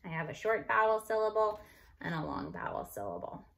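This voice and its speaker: A woman teacher walking young students through spelling and marking up words, sounding out each syllable and letter slowly and clearly. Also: mid-range voice, sing-song, fairly bright tone. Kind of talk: recorded phonics review lesson. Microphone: computer microphone.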